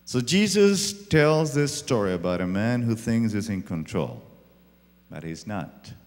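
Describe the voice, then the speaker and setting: A male pastor preaching a sermon, swinging from loud emphatic lines to hushed ones. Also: mid-range voice, sing-song, measured pace. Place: church sanctuary. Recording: echoey church hall.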